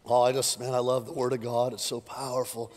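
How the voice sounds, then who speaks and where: A man preaching an energetic, joking sermon to a congregation, his voice worn thin from preaching many services, swinging between loud jabs and quiet asides. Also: medium pitch, a little fast, a little hiss or hum. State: losing his voice. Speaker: pastor. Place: church auditorium with live congregation. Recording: long hall reverb.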